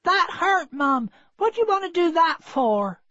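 A clumsy young male puppy in a storybook reading, squeaking and plaintive in a voice far above a man's usual register. The voice lifts and falls eagerly, and it sounds dull and dry on a lo-fi recording. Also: very animated, a little slow, bright, forceful tone, no room sound, full character voice. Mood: hurt. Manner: high, plaintive whine.

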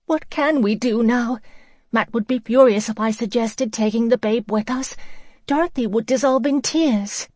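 A woman's voice: a little high, moderate pace, a little mellow, no room sound, studio quality, pitched above the performer's own voice, lightly acted. A woman doing a distraught, pleading young woman. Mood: anxious. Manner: anxious, breathless pleading. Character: distraught young woman worried about a baby. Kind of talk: audiobook character voice.

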